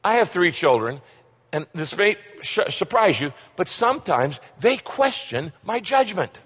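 A man's voice: high voice, sing-song, unhurried, a bit bright, breathy edge. A middle-aged man preaching a sermon as a pastor, emphatic and repetitive, asking rhetorical questions. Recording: long hall reverb.

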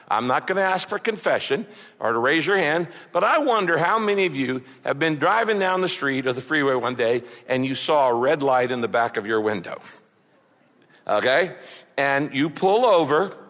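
A man's voice: on the high side, lively intonation, moderate pace, a bit bright, long reverb tail. A man pastor preaching a sermon, earnest and conversational, often repeating words for emphasis.

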